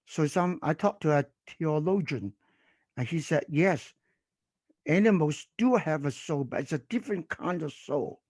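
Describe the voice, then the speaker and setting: A man asking questions at a conference Q&A over a video call, speaking in a halting, deliberate way. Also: fairly high pitch, expressive, a little mellow, no echo.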